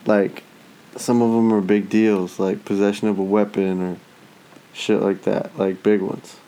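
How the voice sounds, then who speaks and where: A man's voice: on the low side, measured pace, rough recording. A man in his thirties in casual chat, telling stories with a lot of swearing and acted-out quotes. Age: 30s. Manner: profane, animated storytelling with voiced asides.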